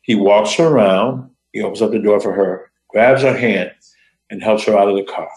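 A man hosting a show, telling a motivational story in short phrases with dramatic, deliberate pauses. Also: lowish voice, a little mellow, reverberant, rough recording. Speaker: host.

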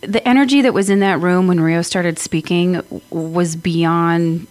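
A middle-aged woman hosting a radio chat show, her voice sitting a little low. She talks with effusive enthusiasm and a steady, warm-hearted drive. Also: unhurried.

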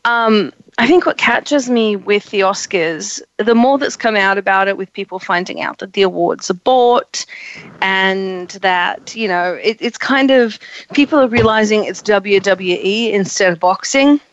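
A woman hosting an entertainment talk show, her voice croaky and hoarse from the flu, talking in a sardonic, opinionated way. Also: medium pitch, a little slow, no echo, dull audio. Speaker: host. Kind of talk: casual chat.

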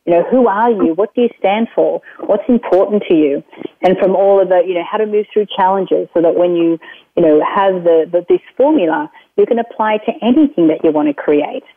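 Over a tinny, dry phone line, a woman guest talks briskly about her self-help programs in a conversational interview. Her lowish voice rambles, full of fillers and restarts.

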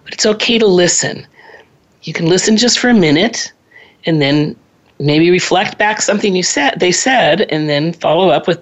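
A woman family counselor talking earnestly about parenting, clearing her throat now and then. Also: deep voice, lively intonation, moderate pace. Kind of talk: radio advice talk.

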